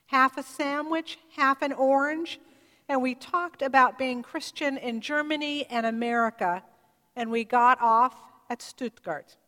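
A woman preaching, retelling a story in a measured, vivid way. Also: high-pitched, bright, forceful tone. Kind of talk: sermon storytelling. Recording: reverberant hall.

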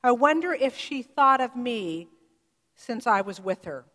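A woman preaching, retelling a story in a measured, vivid way. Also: on the high side, animated, pushed and bright. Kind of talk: sermon storytelling. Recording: reverberant hall.

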